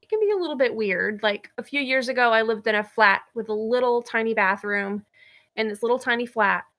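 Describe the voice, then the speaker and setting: Young woman, podcast co-host, casual chat, bright voice, slightly high, candid and chatty. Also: fairly quick. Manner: chatty and candid, laughs easily.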